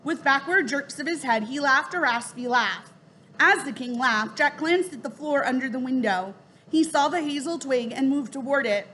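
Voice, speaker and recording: Woman narrator, children's storybook, fairly high voice, faint background hum. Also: normal speed, bright, forceful tone. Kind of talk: children's storybook read-aloud.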